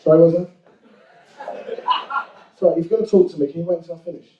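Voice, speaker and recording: A man with a high voice doing stand-up comedy, telling stories with crude, self-mocking punchlines. The sound is echoey and a bit distant, as if it were caught from across a club room. He tells it with an easy storyteller's rhythm. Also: fairly even intonation, rapid-fire, phone-quality sound. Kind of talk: stand-up routine.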